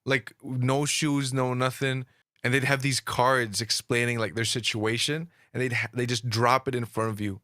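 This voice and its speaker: Bright-voiced man with a dry sound. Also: mid-range voice, flat delivery, moderate pace, no echo. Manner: hesitant, filler-heavy, loose phrasing. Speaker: podcast co-host. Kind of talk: casual chat.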